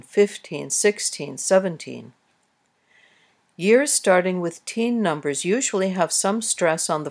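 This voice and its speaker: A woman narrating a scripted pronunciation lesson, speaking carefully with clearly enunciated words. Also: on the low side. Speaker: English pronunciation teacher.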